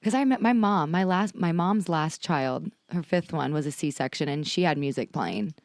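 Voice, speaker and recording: A woman in her thirties co-hosting a podcast, telling a story in animated, casual chat and acting out quotes. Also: low-pitched, moderate pace, no room sound, clean studio sound. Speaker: podcast co-host.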